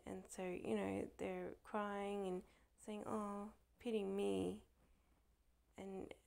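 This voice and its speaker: In a deeply creaky, gravelly voice, a woman tells a wandering personal story. Her speech is halting, full of fillers and restarts, and often drops into a soft whisper.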